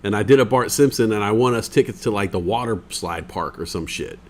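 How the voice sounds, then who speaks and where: A man's voice: on the low side, a little fast, background noise. A young man co-hosting a livestream, telling stories in casual chat, swearing freely and acting out the voices of people he quotes. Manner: animated, swears often, acts out quoted voices. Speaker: stream co-host.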